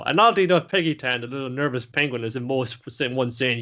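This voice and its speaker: A man's voice: medium pitch, fast, hardly any pauses, sharp tone. Profane, chuckling man recapping an episode. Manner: loose and profane, breaks into laughter, acts out lines mid-story. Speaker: anime podcast co-host.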